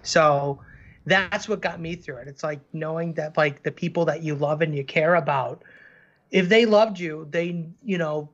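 A man's voice: fairly high pitch, moderate pace, dull audio. A man chatting on a podcast as a guest cartoon creator, telling stories earnestly with lots of fillers. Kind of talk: casual podcast conversation.

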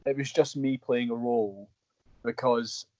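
A middle-aged Scottish man, an actor guest, telling stories in an animated, rambling way with many restarts. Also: mid-range voice, measured pace, no room sound, dull audio. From Scotland. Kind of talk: casual storytelling interview.

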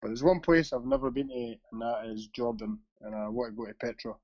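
A man's voice: medium pitch, wildly swooping pitch, fairly quick, gravelly, husky, dry recording. A Scottish man co-hosting a podcast, chatting casually with blunt, sweary banter. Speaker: podcast co-host. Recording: dull lo-fi sound.

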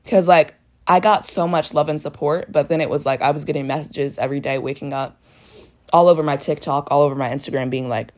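A young woman in college with a croaky, dehydrated voice, candidly telling a raw personal story in a casual vlog. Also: sits low, fairly even intonation, brisk, a little mellow. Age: young adult. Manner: candid, raw, frank storytelling with blunt language.

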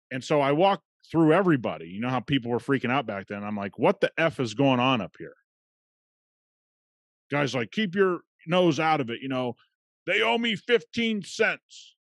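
A man's voice: mid-range voice, dry recording, studio quality. Emphatic man telling a story. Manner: conversational storyteller, emphatic at times. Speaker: podcast host. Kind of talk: casual podcast monologue.

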